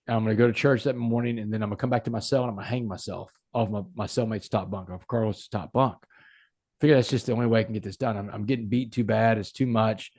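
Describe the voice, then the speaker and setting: A man's voice: fairly low pitch, steady tone, quick pace, darkish tone, dry recording, studio quality. A man, a podcast guest, telling a personal story in an earnest, emphatic way. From United States.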